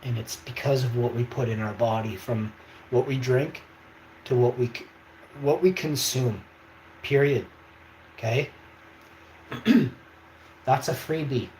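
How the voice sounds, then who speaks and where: A man's voice: medium pitch, takes it slowly, pauses often, darkish tone. A man hosting a livestream, talking in an emphatic, rambling way and often checking in with his viewers. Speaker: livestream host. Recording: echoey room, faint background noise.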